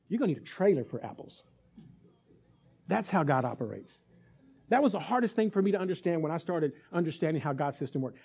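A man's voice: sits high, warm tone, slightly rough, highs cut off. A male pastor preaching a sermon with energy. He acts out little scenes and keeps checking in with the congregation.

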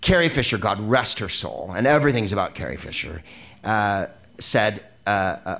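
Animated, digressive male podcast host. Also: on the low side, moderate pace, creaky. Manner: animated, digressive, profane, laughing asides. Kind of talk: rambling comic film talk. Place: live venue with an audience.

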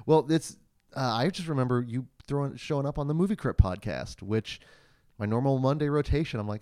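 A man's voice: medium pitch, a little fast, warm tone, dry recording, clean studio sound. A man hosting a casual film podcast, rambling and laughing as he leads the talk. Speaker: podcast host.

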